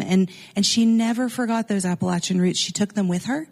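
A woman's voice: medium pitch, brisk, vocal fry, darkish tone. A woman speaking as a guest on a radio interview, emphatic and enthusiastic in how she talks.

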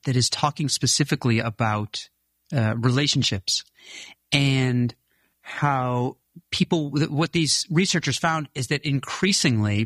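A man's voice: mid-range voice, a bit bright, no echo. A man being interviewed as the author of a book, explaining ideas earnestly and now and then laughing. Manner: earnest, laughs occasionally, frequent restarts. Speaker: author guest.

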